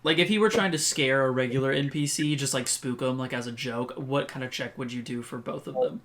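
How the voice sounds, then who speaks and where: A man's voice: medium pitch, fairly quick, a bit bright. A man playing a tabletop game, talking casually and hesitantly and laughing often. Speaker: player.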